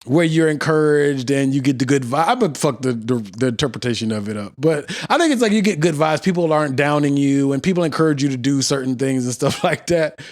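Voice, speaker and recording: A man's voice: mid-range voice, lively intonation, brisk, few pauses. A man co-hosting a casual chat podcast, laughing often as he talks. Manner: giggly, laughs often mid-sentence. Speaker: podcast co-host.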